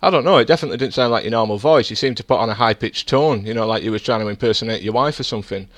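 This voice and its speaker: Fast-talking, defensive male racing streamer. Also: on the low side, no echo. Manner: defensive, insistent, lecturing. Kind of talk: heated in-game voice chat argument.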